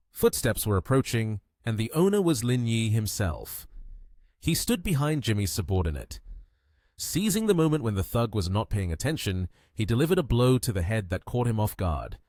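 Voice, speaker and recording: A man narrating a story recap with steady, expressive storytelling. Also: medium pitch, dry recording, clean studio sound.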